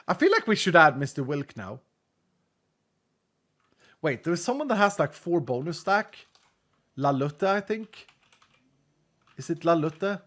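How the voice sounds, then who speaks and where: A male streamer talks casually through a game session, reading chat aloud and laughing at jokes. He speaks English with a non-native accent. His voice sits a little higher than most men's. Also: animated, a little slow, long pauses, a bit bright. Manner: chatty, reads chat aloud, laughs often.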